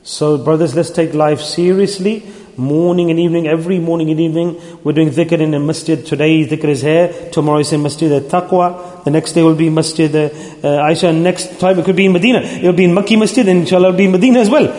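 Male preacher, high register, earnest and imploring, repeats his points; mosque hall, reverberant and roomy. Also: fairly even intonation, fast talker, a little mellow. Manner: earnest, pleading, repetitive exhortation. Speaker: Sufi religious teacher leading dhikr gatherings. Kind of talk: sermon. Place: mosque gathering. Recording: roomy hall with long echo.

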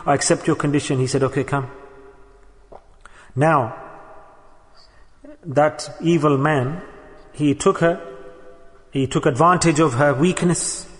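A man delivers a sermon with a somewhat high voice, moving between storytelling and recited Arabic verses. His voice rings with a long reverb, as if he is speaking in a large hall. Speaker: preacher.

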